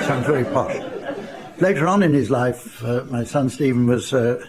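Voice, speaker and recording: An older man from England telling wry, dry family anecdotes in an unhurried storytelling style. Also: mid-range voice, over a noisy crowd. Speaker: raconteur. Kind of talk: anecdotal storytelling to a live audience.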